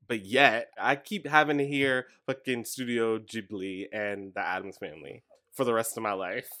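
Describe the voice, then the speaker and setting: A man's voice: lowish voice, normal speed, bright, forceful tone. A man co-hosting a podcast in casual chat, laid-back but arguing his point and swearing at times. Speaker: podcast co-host.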